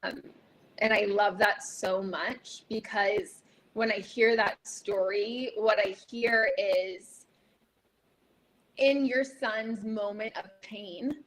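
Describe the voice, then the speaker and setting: A woman's voice: mid-range voice, steady tone, slow pace, low-quality recording. A woman appearing as a guest on a talk show, speaking in an affirming, thoughtful way. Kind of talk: conversational talk show chat.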